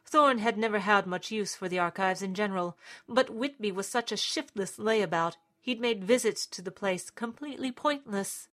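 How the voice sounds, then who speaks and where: A woman's voice: medium pitch, normal speed, hardly any pauses, fairly bright tone. A woman narrating a story in a dramatic, scripted reading style.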